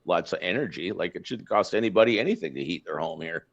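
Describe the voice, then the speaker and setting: A man's voice: low-pitched, expressive, quick pace, vocal fry, fairly bright tone. A Canadian man hosting a podcast, ranting bluntly in casual political chat with lots of fillers and restarts. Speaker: podcast host. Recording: slightly dull lo-fi sound.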